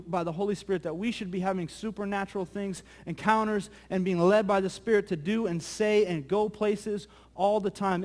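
Young guy pastor preaching, high voice, talks fast and chatty, repeats himself a lot. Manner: animated, conversational, repeats words when excited. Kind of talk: sermon storytelling.

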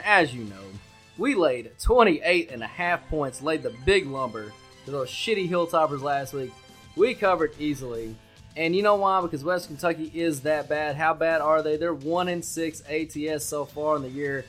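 A man co-hosting a sports betting podcast, talking loudly and brashly with lots of swearing and hype. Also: on the high side. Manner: loud, brash, profane and hyped. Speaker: podcast co-host.

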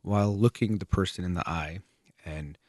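A man with a very low voice talks through ideas calmly and methodically, pausing now and then on a filler. The sound is close and dry, with no room around it. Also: no echo. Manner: calm, measured, explaining step by step with occasional fillers. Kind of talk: explanatory talk on relationships.

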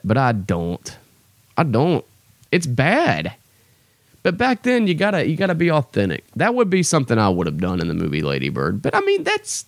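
A man's voice: medium pitch, dry recording. A young man hosting his own podcast, rambling in a casual, self-deprecating way with lots of fillers. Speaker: podcast host. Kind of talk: casual solo podcast chat.

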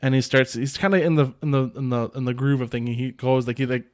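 A man's voice: mid-range voice, steady tone, quick pace, darkish tone. Rambling man recapping a film casually. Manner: rambling, many filler "like"s and restarts, chuckles often. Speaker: podcast host reviewing a film.

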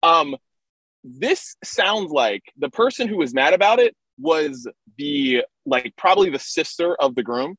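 A man co-hosting a podcast over a video call, chatting casually and animated, joking and acting out what others might say. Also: on the high side, no echo, poor audio. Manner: animated, joking, playacts others in quick asides. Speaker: podcast co-host. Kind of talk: casual chat.

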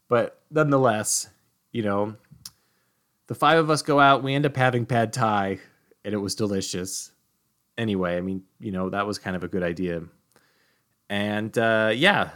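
A man hosting a comedy podcast, telling a long story in a rambling, deadpan way. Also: fairly low pitch. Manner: rambling, deadpan, full of fillers like "like" and "you know". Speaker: podcast host.

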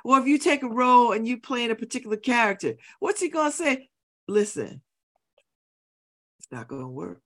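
A woman's voice: on the high side, expressive, fast. A middle-aged woman hosting a talk radio show, giving an opinionated monologue and repeating her points for emphasis. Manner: emphatic, repeats phrases for effect, preachy. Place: radio studio.

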